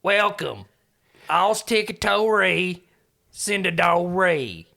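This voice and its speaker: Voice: mid-range voice, expressive, slow, vocal fry, sharp tone, pitched above the performer's own voice, exaggerated voice. A player doing a cooing simple creature girl. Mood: eager. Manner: short broken words, cooing.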